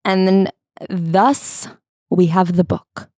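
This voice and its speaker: A woman's voice: on the low side, steady tone, slow, darkish tone, dry recording. A woman co-hosting a comedic podcast, reading from a memoir and adding dry, sarcastic asides. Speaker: podcast co-host. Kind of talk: comedic book recap chat.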